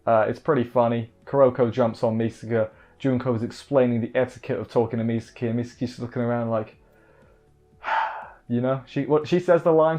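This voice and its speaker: A man's voice: mid-range voice, a little mellow, lo-fi sound. A man casually recapping an anime episode, rambling with frequent restarts and asides. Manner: rambling, self-interrupting, quick asides. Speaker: anime reviewer.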